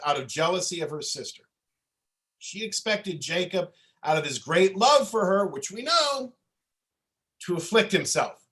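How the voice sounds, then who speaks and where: A man's voice: high-pitched, a bit bright, low-quality recording. A man leading a Torah study lesson as rabbi on a video call, talking conversationally and often checking in with "okay?" and "right?". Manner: frequent restarts, winding explanation.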